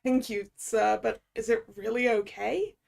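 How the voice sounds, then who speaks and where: A woman's voice: on the high side, steady tone, a little slow, vocal fry. A woman reading a courteous young male pilot. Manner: courteous, gentle.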